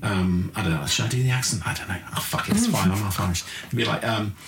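A man's voice: fairly low pitch, fast, vocal fry. A man hosting a podcast in a casual, jokey chat, swearing freely. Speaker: podcast host. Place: backstage green room at a comedy club. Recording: echoey room with noticeable background noise.

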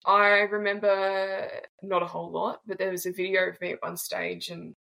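This twenty-something Australian woman gives a blunt, casual account of her own life as a guest, swearing without restraint. The poor audio captures a mid-range, creaky, bright and forceful voice delivered flatly at a moderate pace.

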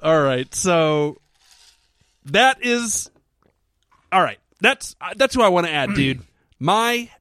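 A man co-hosting a podcast in casual chat, animated and profane, laughing often. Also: sits high, takes it slowly, long pauses, no room sound. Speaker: podcast co-host.

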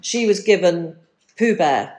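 Middle-aged woman, podcast host, slightly low voice, enthusiastic, conversational. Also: expressive, measured pace, a little mellow. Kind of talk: conversational interview.

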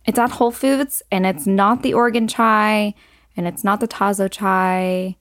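A young adult woman hosting a solo podcast, talking casually with lots of "like" and "um" fillers and quick asides. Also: mid-range voice, steady tone, dry recording, clean studio sound. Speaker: podcast host.

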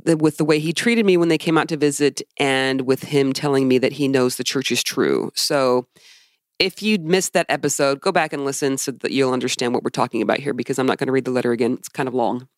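A woman's voice: extremely low pitch, a little fast, dry recording, studio quality. Emphatic woman podcast co-host. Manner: emphatic, heated storytelling. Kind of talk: casual chat.

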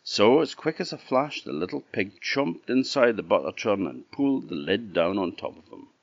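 A man with an Orkney Scottish accent telling a folk tale, his deep voice rising and falling in a wide, lively sweep. He takes his time, and the recording is dry and a little dull and lo-fi. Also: moderate pace, no echo. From Orkney, Scotland. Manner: lively, expressive storyteller. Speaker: storyteller.

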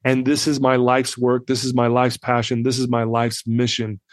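A man in his fifties, a podcast guest telling a personal story in an animated way and acting out the people in it. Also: mid-range voice, normal speed, no echo.

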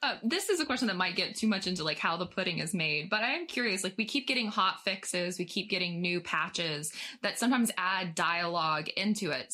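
A woman's voice: lowish voice, pushed and bright. A woman hosting an interview, asking a long curious question with many fillers. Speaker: interviewer host.

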